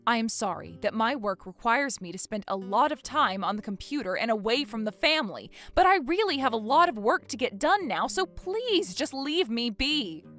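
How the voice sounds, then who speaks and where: A woman's voice: fairly high pitch, very animated, moderate pace, few pauses, a bit bright, faint music behind. Woman as an exasperated, indignant wife. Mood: frustrated. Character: exasperated young wife, fed up. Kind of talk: dramatized story.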